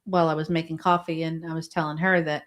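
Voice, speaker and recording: A woman's voice: low voice, little pitch movement, fast. A woman hosting a casual livestream, reading viewer comments aloud and chatting back.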